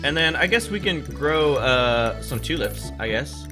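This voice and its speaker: A man's voice: a little high, expressive, measured pace. A man giving rambling, chatty let's play commentary while playing a farming game, with casual swearing. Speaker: gaming channel host. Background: game music.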